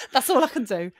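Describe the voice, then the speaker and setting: A woman's voice: fairly high pitch, no room sound, clean studio sound. A woman co-hosting a podcast in casual chat, upbeat, chatty and playful. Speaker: podcast co-host.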